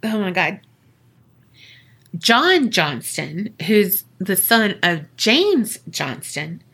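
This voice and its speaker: A woman hosting a podcast, telling a ghost story in a loose, chatty way. She jokes and swears through her asides. Her voice is bright and forward, and she takes her time. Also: medium pitch, sing-song, slightly rough. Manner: profane, jokey retelling with quick asides. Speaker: podcast co-host. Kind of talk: casual storytelling chat.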